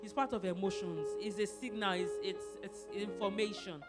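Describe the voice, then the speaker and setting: A woman's voice: medium pitch, moderate pace. A woman pastor with a Nigerian accent, preaching in a conversational way, often asking "do you understand?" and laughing. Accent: Nigerian English. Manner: animated, asks the audience questions, laughs often. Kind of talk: conversational sermon. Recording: music playing behind her.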